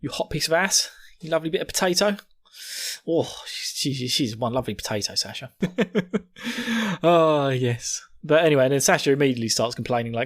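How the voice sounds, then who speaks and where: A man's voice: mid-range voice, brisk. A man hosting a podcast, recapping an episode casually, laughing often and swearing. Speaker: podcast host.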